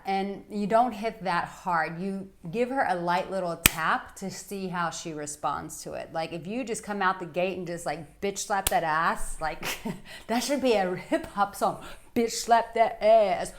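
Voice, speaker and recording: A woman working as an intimacy coach, giving frank, playful instruction to men with animated asides. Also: fairly low pitch. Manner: blunt, playful and animated, with bursts of laughter and acted-out asides. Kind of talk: frank instructional talk to camera.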